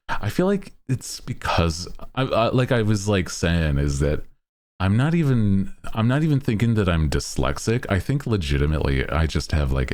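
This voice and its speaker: A young man streaming, chatting casually with viewers in a laid-back, rambling way, laughing often. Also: darkish tone. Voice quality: very deep.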